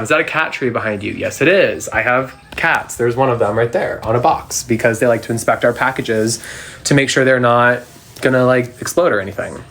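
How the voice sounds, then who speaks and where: Sitting on the floor at home, a young man answers fan questions into his phone during a casual live Q&A. His medium-pitched voice has a sharp tone, and he's chatty and sassy, quick with comebacks.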